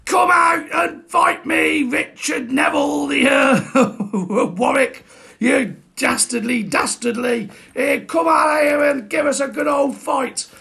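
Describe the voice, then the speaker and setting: Male host acting a medieval king yelling a challenge, theatrical, raised pitch, gravelly edge. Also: slow, heavily acted. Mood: defiant. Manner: shouting, mock-theatrical, hammy.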